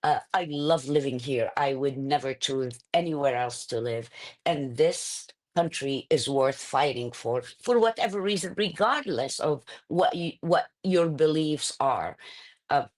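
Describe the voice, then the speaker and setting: A middle-aged woman with an Iraqi Arabic accent, a political candidate talking in an interview, animated, with frequent fillers and quick laughs. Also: very deep voice. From Iraq. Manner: animated, laughs often, many fillers and restarts. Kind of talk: conversational interview.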